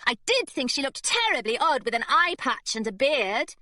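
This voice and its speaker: A woman's voice: high-pitched, sing-song, pushed and bright, dry recording, studio quality, voice pushed up, heavily acted. A woman voicing an eager, chatty young girl from a finishing school who gushes and fires off questions. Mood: gushing. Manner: gushing, rapid-fire questions.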